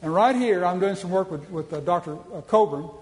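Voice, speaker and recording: A man's voice: high-pitched, a little fast, a little mellow, big-room sound, poor audio. A man from Oklahoma giving a public speech with slides at a policy conference, folksy and emphatic, often restarting his sentences.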